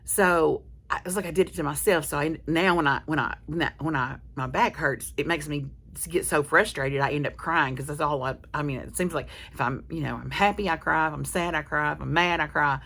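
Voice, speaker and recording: A woman talks straight to her viewers in a low, gravelly voice. She rambles candidly from one thing to the next, often stopping and restarting her sentences. Her vocal fry sits under nearly every phrase. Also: brisk, few pauses, fairly bright tone. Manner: meandering, candid storytelling with many restarts. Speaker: vlogger. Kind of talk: casual chat to camera.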